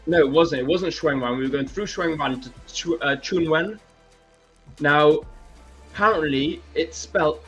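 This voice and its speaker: A man telling travel stories in a casual live-stream chat, lively and quick to laugh. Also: on the high side, breathy edge, lo-fi sound, faint music behind. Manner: animated storyteller, laughs often. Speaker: co-host. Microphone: video call or stream setup.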